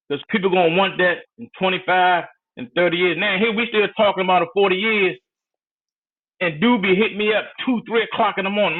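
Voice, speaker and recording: Relaxed guy from maryland telling old stories, kinda high voice, sounds like a phone line. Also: fairly quick. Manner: laid-back, loose street talk. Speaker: guest, music collector. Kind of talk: casual storytelling.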